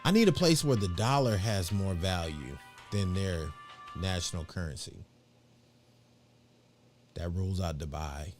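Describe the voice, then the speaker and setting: A man's voice: low-pitched, animated, measured pace, long pauses, faint music behind. A middle-aged man hosting a live show, chatting in a rambling, slangy way with lots of fillers. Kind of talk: casual livestream chat.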